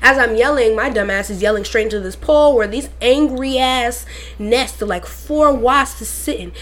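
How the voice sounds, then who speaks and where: A woman telling a childhood story in a casual, animated chat, laughing and acting out voices. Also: on the high side, normal speed. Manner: animated, dramatic, laughs while telling stories.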